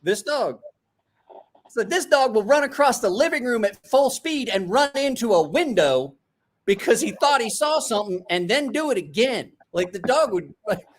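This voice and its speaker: A middle-aged man from a small rural town, hosting and telling profane, animated stories in casual chat. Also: very high voice, moderate pace. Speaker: host.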